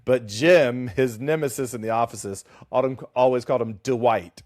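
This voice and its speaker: A man co-hosting a casual book podcast, animated and teasing, laughing often as he talks. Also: medium pitch, normal speed. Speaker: podcast co-host.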